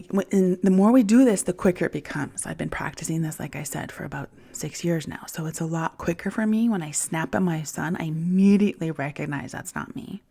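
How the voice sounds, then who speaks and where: A woman with a lowish voice hosts a podcast, delivering a candid, reflective monologue. She frequently slips into soft whispers and swears casually.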